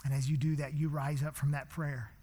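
A man preaches a sermon in a church, his fairly high voice carried by a long hall reverb. He is impassioned and swings from hushed to loud. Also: level tone, brisk. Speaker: pastor.

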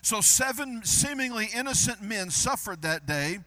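A man preaching a sermon, building to loud emphatic repetition. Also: sits high, lively intonation, moderate pace, dry recording. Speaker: pastor.

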